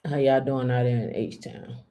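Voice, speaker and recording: Low-voiced woman hosting a live stream. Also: fairly even intonation, a little slow, mellow. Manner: chatty, addresses viewers directly. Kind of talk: casual live-stream chat.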